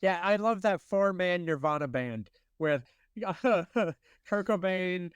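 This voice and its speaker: A man around forty, co-hosting a podcast, telling animated stories in casual chat with laughs. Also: high-pitched, takes it slowly, clean tone, no echo. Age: late 30s to early 40s. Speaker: podcast co-host.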